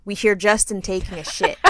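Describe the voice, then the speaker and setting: A woman co-hosting a podcast, telling an animated, laughing story in casual chat and swearing freely. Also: mid-range voice, very noisy. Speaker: podcast co-host.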